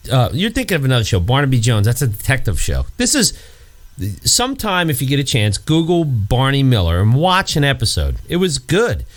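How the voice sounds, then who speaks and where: A man chatting casually as a podcast co-host, his pitch swinging widely as he rambles from one story to the next. He swears freely and keeps circling back on himself mid-sentence. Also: very animated, a little fast. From New York area. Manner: rambling storyteller, swears, acts out scenes in high put-on voices. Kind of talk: casual chat.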